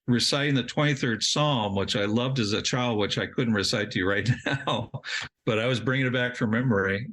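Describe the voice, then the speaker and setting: A man's voice: medium pitch, bright, forceful tone. A middle-aged man, a podcast guest, telling a long personal story in a rambling way, restarting sentences and laughing at himself. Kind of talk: storytelling in an interview.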